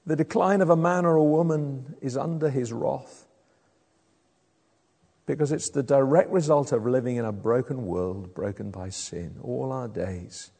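A middle-aged man preaching a sermon, emphatic, moving between loud declarations and low, hushed lines. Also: slightly rough. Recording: echoey hall from a distance.

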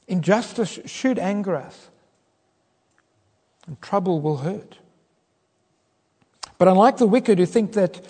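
A man preaching in a hall with a long, ringing reverb. His voice sits a little high for a man, and his delivery turns dramatic, swelling into fervent cries as he quotes pleading prayers. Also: darkish tone. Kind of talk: sermon.

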